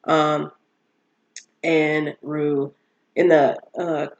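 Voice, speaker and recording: Chatty woman podcaster, gravelly tone. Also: low-pitched, drawn-out words, highs cut off. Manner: chatty, animated, with frequent fillers and restarts. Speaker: podcast host. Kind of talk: casual solo podcast recap.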